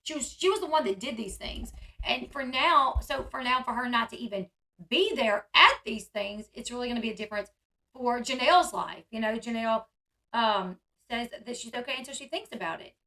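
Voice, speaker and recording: A woman's voice: on the high side, lively intonation, fairly quick, pushed and bright. A woman vlogger giving casual, chatty commentary, full of "like" and "um" fillers. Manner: chatty, filler-heavy with frequent "like" and "um". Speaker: vlogger reacting to a reality show.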